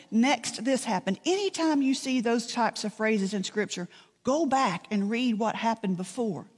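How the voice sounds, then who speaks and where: A woman's voice: fairly high pitch, long reverb tail. A woman pastor, preaching a sermon in a conversational storytelling way, with dry asides.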